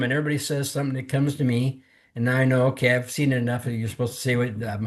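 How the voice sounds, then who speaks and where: A man talks quickly with fairly even intonation in a mid-range voice, candidly telling his personal testimony on a podcast. Earnest and emotional, nearly in tears, he mimics the words of others.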